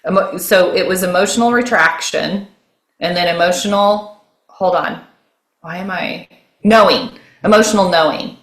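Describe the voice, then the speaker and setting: A woman with a lowish voice lays out her method to a host, step by step. She keeps restarting phrases and tags her points with a quick "okay?". The sound is roomy and echoey. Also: a bit bright. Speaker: guest, nervous system mentor. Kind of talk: explaining her method in conversation. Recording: roomy echo.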